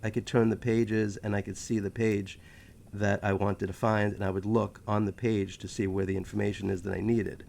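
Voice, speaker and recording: A man with a New York accent talks straight to his viewers in a loose, rambling monologue. His voice has a gravelly grain, and he keeps tossing in joking asides as he goes. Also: lowish voice, flat delivery, moderate pace, darkish tone, a little hiss or hum. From New York City. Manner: chatty, joking, self-aware asides. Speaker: history channel host.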